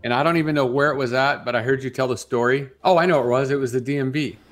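A man's voice: mid-range voice, fairly even intonation, fast, a bit bright. A man co-hosting a morning radio show, chatting and teasing his co-host in a casual, laughing way. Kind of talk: casual chat.

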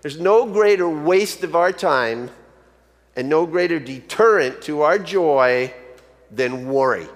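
A man's voice: on the high side, expressive, slow pace. A male pastor preaching a sermon in a conversational, storytelling way. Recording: long hall reverb.

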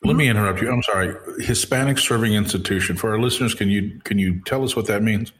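Lowish-voiced chatty male host. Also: fast, a bit bright. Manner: chatty, joking. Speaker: interview host. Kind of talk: podcast interview.

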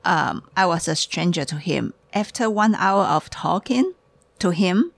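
A woman's voice: lowish voice, lively intonation, unhurried, creaky, no echo. A woman hosting a casual podcast, talking in a hurry and restarting her sentences as she gets ahead of herself. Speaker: podcast host and tea shop owner.

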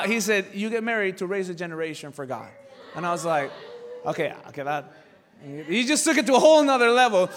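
A man preaching a sermon with animated delivery, jumping from shouted lines to quiet asides. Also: high voice. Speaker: pastor. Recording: reverberant hall from a distance.

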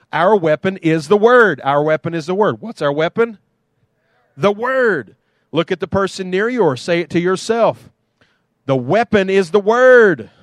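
Pastor guy preaching, kinda high voice, chatty and jokey, dry close sound. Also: no echo. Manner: conversational, playful asides. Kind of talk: sermon.

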